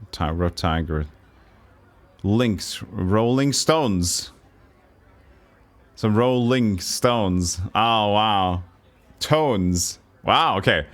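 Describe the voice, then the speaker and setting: Slow Norwegian man thinking aloud. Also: fairly low pitch, clean tone. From Norway. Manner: thinking aloud, halting, self-correcting. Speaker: streamer. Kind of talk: live game commentary.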